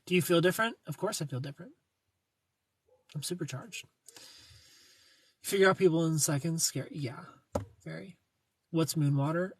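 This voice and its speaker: A man's voice: fairly high pitch, moderate pace, long pauses, a little hiss or hum. A young man hosting a casual livestream, reading viewer comments and joking playfully, greeting people by name. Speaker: livestream host reading chat.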